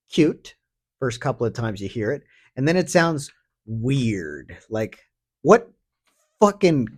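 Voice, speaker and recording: A man hosting a podcast alone, talking through a story in a casual, profane, sardonic ramble full of fillers. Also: mid-range voice. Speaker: podcast host. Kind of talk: casual solo commentary.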